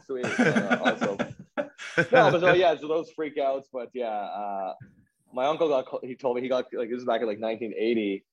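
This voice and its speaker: A man's voice: medium pitch, very animated, a little slow, pauses often, husky. A man telling a story in casual chat, rambling with lots of "like" and restarts, laughing at himself.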